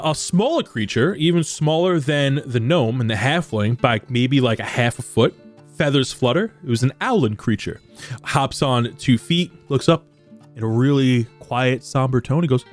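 Casual young game master narrating. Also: male voice, mid-range voice, unhurried, soft background music. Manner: casual, descriptive, filler-heavy.

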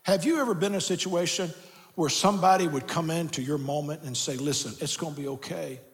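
An older man preaching in a large church with a long, ringing reverb. His voice sits a bit high for a man, and he swings from hushed, gentle lines to shouted emphasis, repeating key phrases. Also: a little fast. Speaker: pastor. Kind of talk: sermon.

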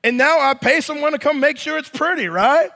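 A man's voice: extremely high pitch, a little fast, creaky, sharp tone, big-room sound. A man in his thirties preaching a sermon in church, telling a story animatedly and addressing the congregation as y'all. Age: 30s. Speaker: pastor.

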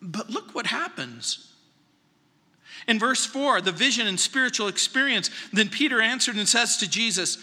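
A man pastor preaching a sermon, animated and acting out quoted lines with sudden high exclamations. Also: moderate pace, big-room sound. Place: church sanctuary.

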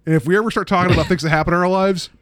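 A man in his late thirties in easygoing podcast talk, telling stories in a wry, self-mocking way. His voice sits a little higher than most men's. The sound is dry and close, with no room echo. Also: steady tone, very fast, fairly bright tone. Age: 30s. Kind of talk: casual chat.

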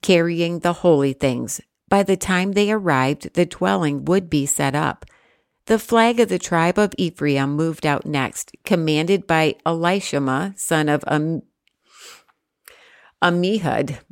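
A woman reading scripture aloud in a steady, measured way with careful pauses. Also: low voice, no room sound, clean studio sound. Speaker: scripture reader.

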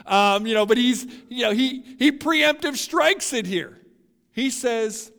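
A male pastor preaching a sermon, emphatic and building to loud peaks as he talks straight to his listeners. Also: very high-pitched, animated, a little slow, creaky, big-room sound.

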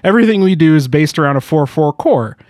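A man with a fairly high voice co-hosts a casual podcast chat, cracking jokes and laughing often as he reads quotes aloud. His voice sits close and dry on the mic. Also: animated, fast, a little mellow, dry recording. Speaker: podcast co-host.

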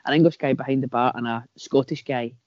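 A man's voice: mid-range voice, fairly even intonation, fast talker, dry recording, dull audio. A man chatting on a podcast, telling dry, sweary anecdotes and restarting his phrases. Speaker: podcast guest. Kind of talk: casual chat.

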